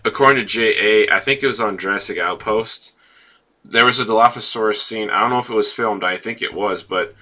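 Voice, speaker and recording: A man co-hosting a casual podcast discussion, speaking in an emphatic, expressive way. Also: on the low side, a little fast. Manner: emphatic, expressive fan talk. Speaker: podcast co-host.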